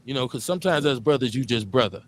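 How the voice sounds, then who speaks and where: Animated joking male talk-show host. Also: mid-range voice, fast talker, slight background noise. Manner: animated, joking, streetwise and profane. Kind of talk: casual talk-show banter.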